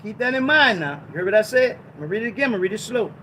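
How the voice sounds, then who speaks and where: A man preaching a sermon, exhorting listeners and reading scripture slowly, repeating lines for emphasis. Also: high-pitched, lively intonation, pushed and bright, slight background noise, rough recording. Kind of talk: sermon teaching.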